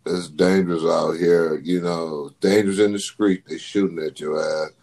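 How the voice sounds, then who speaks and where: A man talks in a casual chat, laid-back but emphatic. His voice is very deep. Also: steady tone, normal speed, a little mellow.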